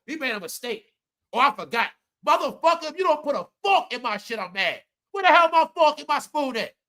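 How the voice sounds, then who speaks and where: A man's voice: high voice, bright, forceful tone. A man ranting comedically and profanely to his viewers, calling them y'all and preaching his point. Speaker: commentary vlogger.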